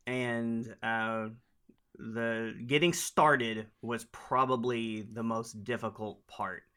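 A man's voice: medium pitch, steady tone, slow, bright, forceful tone, clear, resonant tone. A man from Oklahoma with an Oklahoma accent, chatting as a friendly, rambling podcast guest. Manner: friendly, rambling, laughs easily. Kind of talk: casual interview chat.

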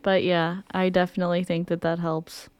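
Low, smooth-voiced young woman chatting. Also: level tone, normal speed, darkish tone, no echo. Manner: chatty storyteller, acts out quotes. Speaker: podcast co-host. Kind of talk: casual chat.

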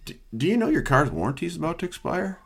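A man's voice: a little high, sing-song, fast talker, creaky, fairly bright tone, husky, pitched above the performer's own voice, exaggerated voice. A man voicing a male spam caller who stumbles over a name before reading a warranty script. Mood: stumbling.

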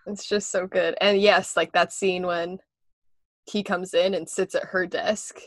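A woman's voice: lowish voice, little pitch movement, unhurried, no room sound. A young woman hosting a casual film podcast, gushing about a film, laughing often and filling her talk with "like". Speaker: podcast host.

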